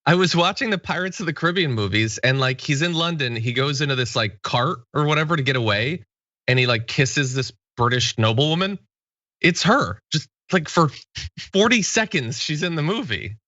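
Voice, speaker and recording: A male talk-show host chatting casually with his co-host, laughing easily and joking at his own expense. His voice sits a little high and moves a lot, bright and forward. The sound is dry and a bit muffled, with the top end dulled. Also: animated, moderate pace, dry recording. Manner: laughs often, chatty and self-mocking.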